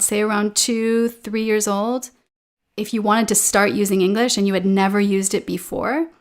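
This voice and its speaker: A woman in an animated, casual conversation, explaining her points with a ready laugh. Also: medium pitch.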